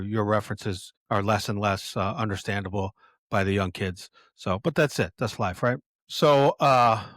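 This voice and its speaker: A man's voice: on the low side, fairly bright tone, dry recording, studio quality. An older man hosting a podcast, casually reading film quotes aloud and rambling through them with many fillers and restarts. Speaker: podcast host.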